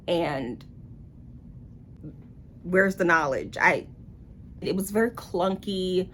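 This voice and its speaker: A woman's voice: fairly low pitch, animated, slow pace, long pauses, a bit bright, a little hiss or hum. A woman giving a casual book review in a blunt, sarcastic way.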